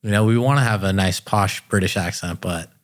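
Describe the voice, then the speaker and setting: Easygoing Boston man hosting. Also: sits low. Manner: easygoing, slangy, quick interjections. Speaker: podcast host. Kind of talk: casual podcast chat.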